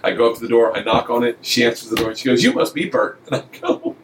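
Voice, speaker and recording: Racing along at medium pitch, this man is a comedian guesting on a podcast, spinning a lengthy comic tale in relaxed talk. He curses a lot and animatedly acts out everyone's voices, captured in a low-quality, echoey recording with a little background noise.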